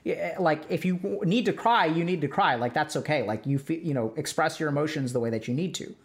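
Fast and fairly high in pitch, a man hosting a podcast rattles off casual relationship advice peppered with "like" and "right?" He breaks into acted-out example dialogue along the way.

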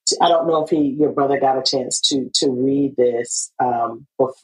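Low-pitched woman host, lots of "um" and "you know", gets lively and laughs a lot, chatty interview. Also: moderate pace, poor audio. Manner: animated, laughing, many fillers and restarts. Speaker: podcast host. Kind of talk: casual interview chat.

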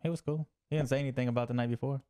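A young man chats casually and quickly. His voice is smooth and clean, and his manner is offhand and relaxed. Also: mid-range voice. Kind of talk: casual chat.

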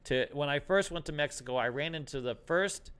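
A man's voice: fairly high pitch, a little fast, a bit bright, smooth. A middle-aged man telling stories in casual chat, acting out dialogue and laughing often.

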